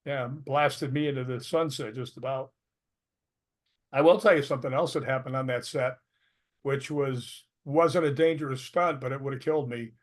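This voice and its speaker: In a casual interview, an older man who used to be a stuntman tells stories in a mid-range voice at a moderate pace. He laughs as he goes and animatedly acts out what people said.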